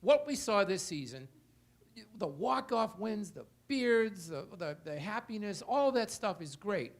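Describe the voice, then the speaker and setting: A man with a high, light voice makes his case on a panel discussion. He argues firmly and fires off rhetorical questions to the audience. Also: sing-song, unhurried. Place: hotel event room.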